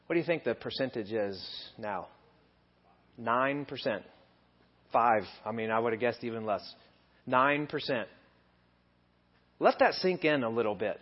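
A man giving a conversational sermon in a church, building to animated emphasis at times. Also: medium pitch, fairly quick. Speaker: lay preacher. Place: church hall. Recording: dull lo-fi sermon recording.

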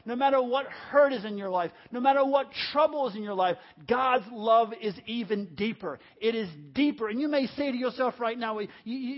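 A man preaching a sermon, emphatic and repetitive, calling on the congregation to answer back. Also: extremely high pitch. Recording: dull lo-fi audio.

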